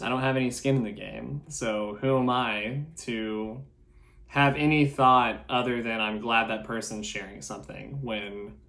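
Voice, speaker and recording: A man hosting a solo podcast, talking earnestly and nervously in a halting, self-deprecating way. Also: medium pitch, gravelly, fairly bright tone. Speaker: podcast host.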